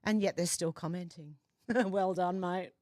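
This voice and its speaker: A woman's voice: fairly low pitch, steady tone, unhurried, a little mellow, no room sound, studio quality. A woman hosting a casual livestream from home, reading viewer comments aloud in a chatty, amused way. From Australia. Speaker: livestream host reading chat. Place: home, doors and windows open.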